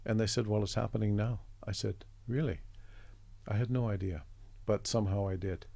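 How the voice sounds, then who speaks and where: Man, from Canada, middle-aged, low voice, conversational storytelling. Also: fairly even intonation, a little fast, creaky, a little mellow, no room sound. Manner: reflective, meandering anecdotes with restarts. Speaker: interview guest, artist.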